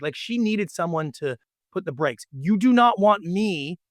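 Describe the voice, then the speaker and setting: A middle-aged man telling a story as an interview guest, animated and acting out the dialogue. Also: high voice, unhurried, no room sound, studio quality. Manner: animated, acts out quoted dialogue. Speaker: podcast guest.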